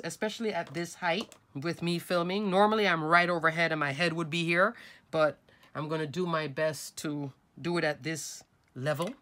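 A woman's voice: low voice, a bit bright. Nasal-sounding woman teaching a craft. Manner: chatty, addresses viewers as folks and crafters. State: nasal from a cold. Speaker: craft tutorial host. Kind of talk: casual step-by-step craft tutorial.

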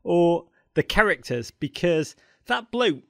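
A man's voice: high voice, big pitch swings, slow, vocal fry, dry recording, clean studio sound. A man hosting a podcast interview, asking questions in a playful, enthusiastic way. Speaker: podcast host.

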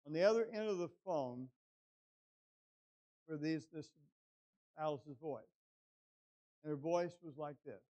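A man's voice: on the high side, warm tone, lo-fi sound. Older man preaching a personal story. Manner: halting storytelling with many restarts, building to emphatic preaching. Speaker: guest pastor. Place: church sanctuary.

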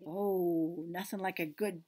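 A woman leading a church story time, gently asking small children questions and reading picture books aloud. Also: fairly low pitch, steady tone, slow pace. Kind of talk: picture-book read-aloud for toddlers.

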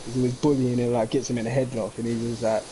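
A young man chats as a streamer over a game, rambling from one joke to the next. His voice is mellow and relaxed at a middle pitch. A faint hiss sits under the recording. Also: fast, poor audio. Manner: rambling, jokey, slips into mock accents. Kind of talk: casual chat while gaming.

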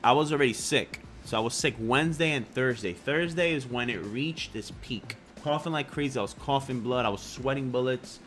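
A young man vlogging, telling a personal story in a casual, animated way, full of slang and crude jokes. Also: mid-range voice, fairly quick, few pauses, soft background music.

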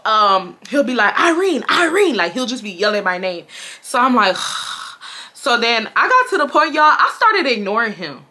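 A woman in her twenties from Houston tells a storytime straight to her viewers, her voice bright and sharp. She talks in a loose, slangy way, swears freely and leaps into high shrieks whenever she acts out what someone said. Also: a little hiss or hum. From Houston, Texas. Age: 20s. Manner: animated, slangy, swears often, jumps into high shrieks when quoting. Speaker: storytime vlogger. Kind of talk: casual storytelling to camera.

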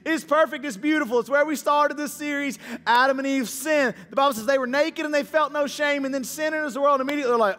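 A man's voice: very high voice, brisk, pushed and bright, in a large hall, faint music behind. A man pastor preaching a sermon as a dynamic, slangy storyteller who acts out the dialogue. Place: church auditorium.

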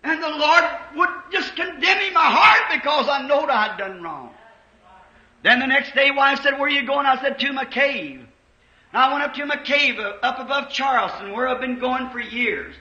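A male preacher with a very high, bright, piercing voice moves from quiet storytelling to fervent shouting in an animated sermon at normal speed. The audio is dull and lo-fi, with the roomy echo of an old church recording.

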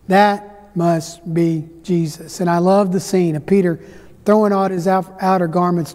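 A male pastor preaching a sermon, telling the story dramatically and swinging between loud peaks and hushed low passages. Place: church sanctuary. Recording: church hall reverb.

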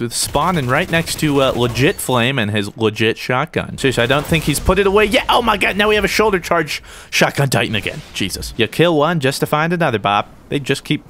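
Young male gaming host, animated, jokey live commentary, slight background hiss. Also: mid-range voice, fairly quick, gravelly. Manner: excitable, jokey, shouts at opponents. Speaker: gaming YouTuber.

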